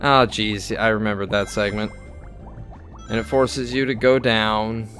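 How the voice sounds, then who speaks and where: A man's voice: on the low side, fairly even intonation, fairly bright tone, faint music behind. Rambling young man narrating gameplay. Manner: rambling, halting, full of fillers and restarts. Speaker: gameplay commentator. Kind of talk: casual let's-play commentary.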